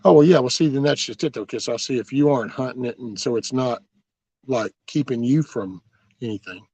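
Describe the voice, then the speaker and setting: A man's voice: mid-range voice, a little fast, a little mellow, husky, no echo. A man hosting a livestream, rambling through folksy stories with mild cursing as he answers viewer comments. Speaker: livestream host.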